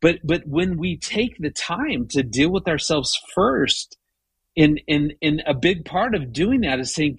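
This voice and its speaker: A man's voice: fairly high pitch, very animated, measured pace, slightly rough, no room sound, poor audio. A man in his fifties, a guest on an interview show, telling stories about his marriage in a conversational way and often repeating words as he goes. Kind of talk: conversational storytelling.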